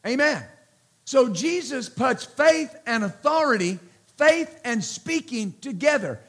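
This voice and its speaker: A man preaching a sermon as pastor, slow and emphatic, repeating words and calling out praise between points. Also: extremely high pitch, expressive, a bit bright.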